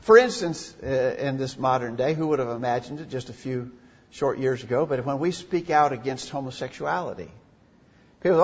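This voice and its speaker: A man's voice: medium pitch, moderate pace, breathy edge. A man preaching a sermon in an earnest, emphatic way, reading scripture aloud. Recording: dull lo-fi recording in a reverberant hall.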